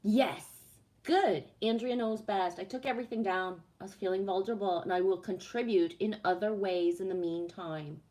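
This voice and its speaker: A woman's voice: medium pitch, normal speed, hardly any pauses, mellow. A woman chatting casually on a live stream, reading the chat, swearing freely and laughing at herself.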